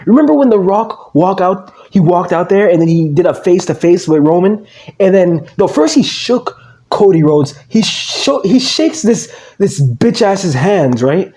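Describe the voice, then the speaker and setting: Male YouTuber, mocking rant; mellow tone, slightly raised pitch. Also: expressive, measured pace. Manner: mocking, quotes fans in whiny voices, laughs. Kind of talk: ranting commentary.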